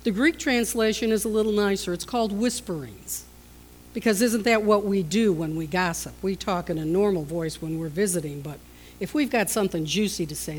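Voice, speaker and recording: A woman pastor preaching a sermon, telling stories and acting out the characters with lively shifts in voice. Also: moderate pace, slight background noise, low-quality recording. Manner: storytelling, acting out scenes with shifts in pitch and loudness.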